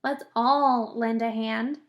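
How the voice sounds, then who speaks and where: A woman's voice: a little high, fairly even intonation, slow, dull audio. A woman voicing a polite, anxious female ladybug who speaks in a fretful way, in a roomy echo.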